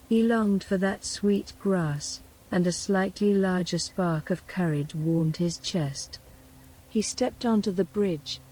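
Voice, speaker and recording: A woman telling a folktale in a soft, hushed, soothing whisper as a bedtime storyteller. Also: fairly low pitch, slightly rough, poor audio.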